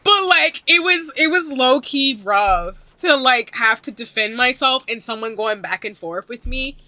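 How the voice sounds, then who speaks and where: A woman's voice: sits high, lively intonation, a little slow, bright, forceful tone, no room sound. A woman streamer talking earnestly to her chat in a casual gaming stream, her voice choking up with tears. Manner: earnest, talks straight to her chat, many fillers. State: tearful, voice choking up.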